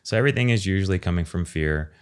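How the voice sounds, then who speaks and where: A man speaking as a podcast guest in a casual, earnest and expressive way, swearing now and then. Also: sits low, fast, clear, resonant tone. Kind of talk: casual conversation.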